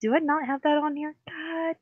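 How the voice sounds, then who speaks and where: A woman playing a tabletop game, making quick, joking, blunt remarks. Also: high-pitched, fairly even intonation, narrow, tinny audio. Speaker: player. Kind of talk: casual tabletop game play.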